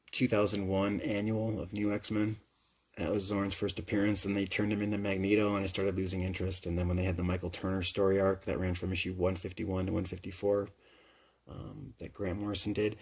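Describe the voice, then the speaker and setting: A man with a Midwestern accent, chatting casually and enthusiastically about his comic book collection, slangy and profane, rambling with restarts. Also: deep voice. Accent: Midwestern American. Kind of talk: casual chat.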